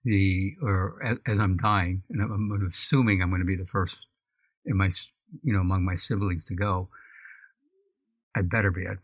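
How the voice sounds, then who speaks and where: A man's voice: low-pitched, fairly even intonation, normal speed, breathy edge, no room sound, lo-fi sound. A man co-hosting a casual podcast chat, hesitant and full of restarts, with joking asides. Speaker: co-host.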